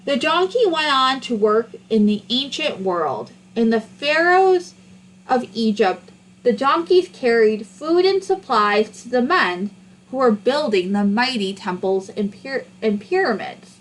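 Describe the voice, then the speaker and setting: Expressive woman reading a children's book. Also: on the high side, unhurried, low-quality recording. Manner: expressive, sing-song delivery. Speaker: storybook reader. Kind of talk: children's book read-aloud.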